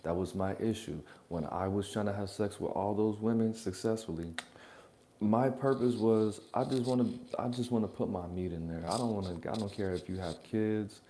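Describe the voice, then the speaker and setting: A man's voice: lowish voice, normal speed, dark tone, slight background noise. A man hosting a reaction channel, rambling through blunt, profane, joking advice in a casual monologue from his apartment.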